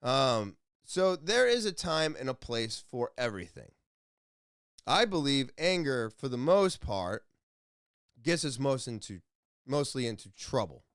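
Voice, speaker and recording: A young man talks casually on his own podcast, his pitch rising and falling in a lively way. His voice is clear and resonant, recorded dry and close. He rambles and restarts sentences as he works through an idea. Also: no room sound. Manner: rambling, self-correcting, explaining to listeners. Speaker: podcast host. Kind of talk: casual solo podcast talk.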